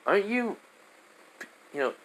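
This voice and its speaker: A man voicing a proud, teasing young woman in a fan story he narrates, pitching up and sounding bemused. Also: sing-song, a little slow, a bit bright, heavily acted, rough recording. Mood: puzzled.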